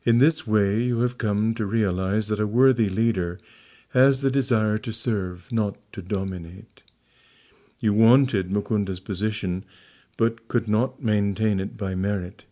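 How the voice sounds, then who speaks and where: Male reader voicing a restrained, grave elderly guru; low, mellow, measured. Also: fairly even intonation, natural voice. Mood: stern.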